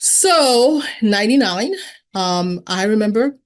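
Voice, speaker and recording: A woman in her fifties, talking with candor about her own life in a loose, conversational way. Her voice sits at an ordinary middle pitch, but it leaps up when she acts out other people's words. She fills her talk with casual asides and fillers. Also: slow pace. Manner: animated, jumps in pitch when acting out quotes; frank and conversational, with many fillers. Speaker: guest sharing her recovery story. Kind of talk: candid personal storytelling.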